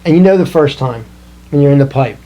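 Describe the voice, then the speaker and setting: A middle-aged man hosting a casual round-table chat, telling stories in an animated way. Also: mid-range voice, quick pace. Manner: storytelling, animated. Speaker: host.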